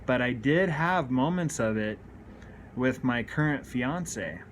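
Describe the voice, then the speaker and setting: A man in his thirties speaks candidly into the camera and tells a confessional story from his own life. His voice sits at an ordinary middle pitch, and he talks in earnest with frequent restarts and repeated words. A faint hiss of noise runs under the recording. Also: animated, takes it slowly. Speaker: recovery speaker.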